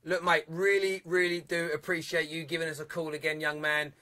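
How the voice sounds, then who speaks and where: A man's voice: on the high side, level tone, fairly quick, crowd noise. A young man hosting a live football phone-in, chatty and jokey, laughing often and reading viewer comments aloud. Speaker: phone-in show host.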